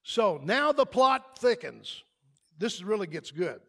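A man preaching a sermon in a church, building to loud emphatic peaks. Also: sits high, big pitch swings, slow pace. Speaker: pastor. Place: church sanctuary.

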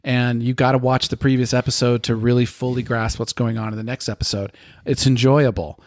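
A man's voice: medium pitch, level tone, fairly quick, no echo, studio quality. A man co-hosting a casual podcast chat, enthusiastic and prone to repeating words as he talks. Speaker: podcast co-host.

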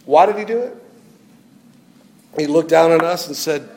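Pastor guy preaching, kinda high voice, lots of hall reverb, gets fired up. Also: moderate pace, pauses often, darkish tone. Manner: emphatic, repeats questions, rising to fervor. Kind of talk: sermon.

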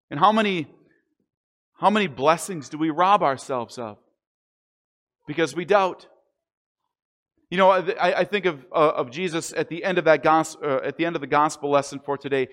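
A man preaching a sermon, earnest and deliberate, slowing down on the key phrases. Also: a little high, a bit bright. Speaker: pastor.

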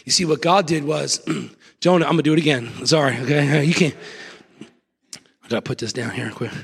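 A man's voice: on the high side, fairly quick, slightly rough, in a large hall. A male pastor preaching a fervent, repetitive sermon.

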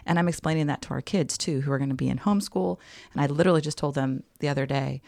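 A chatty woman co-hosts a casual podcast, with plenty of fillers in her talk. Her low voice has a gravelly fry to it. The sound is dry and close. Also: fast, a little mellow, no echo. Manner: chatty, lots of likes, laughs easily. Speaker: podcast co-host. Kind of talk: casual chat.

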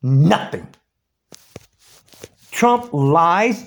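Ranting man in his sixties, swinging pitch. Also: very animated, slow. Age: 60s. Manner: ranting, taunting, challenging. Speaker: video blogger. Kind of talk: angry political rant.

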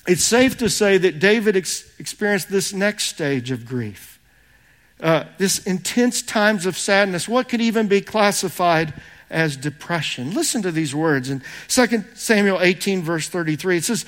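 High-voiced earnest man preaching. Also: animated, normal speed, fairly bright tone. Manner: earnest, personal storytelling with scripture readings. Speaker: pastor. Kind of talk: sermon.

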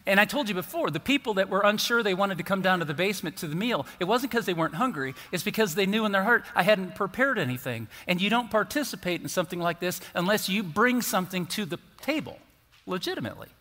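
A fifty-something male pastor preaches with a bright, forceful voice that rides a little high. His storytelling is animated and playful, and the sound carries a long hall reverb. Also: fast talker. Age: 50s. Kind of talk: sermon. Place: church sanctuary.

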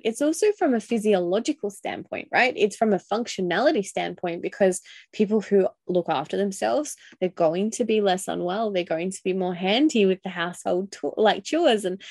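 Woman podcaster thinking out loud, candid and casual, swears now and then, mid-pitched, dry close mic. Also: no echo. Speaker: podcast host and coach. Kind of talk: solo podcast monologue.

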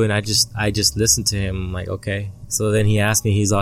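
Low-voiced man telling a halting story. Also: little pitch movement. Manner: halting, repeats words as he recounts. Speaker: interview guest. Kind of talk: casual storytelling. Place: outdoors at a family barbecue.

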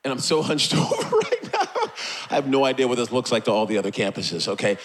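A male pastor preaching a passionate sermon, repeating phrases and building to shouts. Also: medium pitch, huge pitch swings, brisk.

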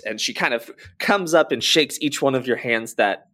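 A man narrating as game master for a tabletop game, unhurried, with frequent fillers. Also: medium pitch, animated, a bit bright.

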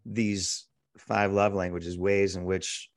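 A man's voice: sits low, flat delivery, slow. A man hosting a relationship talk show, welcoming listeners and asking his co-host guiding questions. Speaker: podcast host. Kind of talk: casual chat.

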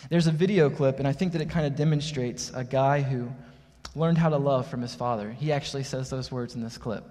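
A man's voice: mid-range voice, a little fast, mellow. A young man preaching a sermon in a church, building emphatic rhythmic repetitions and telling a personal story. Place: church sanctuary. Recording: long hall reverb in a church.

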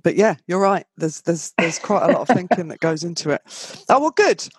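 A woman's voice: lowish voice, sing-song, brisk, slightly rough, dry recording. A woman hosting a podcast in casual chat, talking easily with trailing asides. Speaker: podcast host.

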